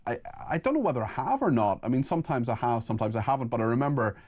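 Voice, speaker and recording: Fast-talking radio host. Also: male voice, medium pitch, lively intonation, a little mellow. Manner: fast, with frequent restarts. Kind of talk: radio phone-in chat. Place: radio studio.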